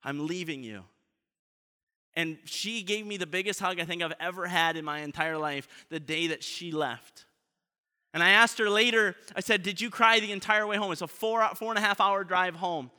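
A man preaching a sermon in an earnest way, often letting his voice drop soft at the ends of points. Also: high voice, moderate pace, clear, resonant tone. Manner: earnest, often trailing off softly. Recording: long reverb of a large hall.

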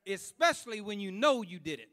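Very high-voiced impassioned male preacher. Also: big pitch swings, brisk. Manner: impassioned, repetitive preaching that builds to loud fervor; colloquial, with slips and restarts. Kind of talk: sermon.

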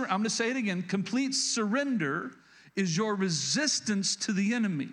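A man's voice: high-pitched, fairly bright tone. A male pastor preaching a sermon, often repeating and restarting words and asking the congregation questions directly. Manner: repetitive, stammering restarts, addresses congregation directly.

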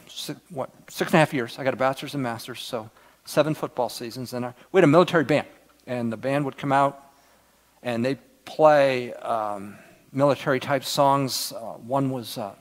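A middle-aged man preaching a sermon as pastor, earnest, swinging from loud emphasis down to near-whispers. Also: mid-range voice.

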